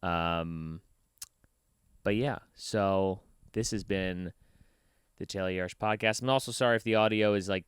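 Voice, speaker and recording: A young man hosts a solo podcast and rants in a casual, profane way, swinging from heated outbursts to low mutters. His voice sits on the low side and comes through smooth and clear. The sound is dry and close, with no room echo. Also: steady tone, a little slow, long pauses. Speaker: podcast host. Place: basement.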